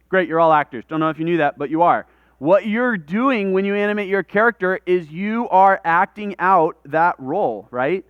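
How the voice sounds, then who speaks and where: A man teaches a room full of people in a relaxed, conversational way. His voice is smooth and clear, with a dry, slightly dull lo-fi recording sound. He explains things step by step and talks with his hands. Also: on the high side, dry recording. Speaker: workshop presenter. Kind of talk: live workshop lecture. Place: conference room with audience.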